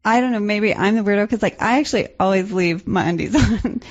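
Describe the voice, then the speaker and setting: A woman's voice: mid-range voice, brisk. Giggly southern woman guesting on a radio show, kinda muffled audio. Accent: Southern American. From Southern United States. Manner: giggly, chatty, laughs through her stories. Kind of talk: casual chat.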